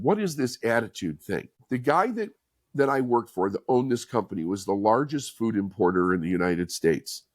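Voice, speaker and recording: A man's voice: fairly low pitch, no echo, studio quality. A middle-aged man, a podcast guest, telling his life story in an earnest, candid, conversational way. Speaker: podcast guest, author and speaker. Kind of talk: personal storytelling in an interview.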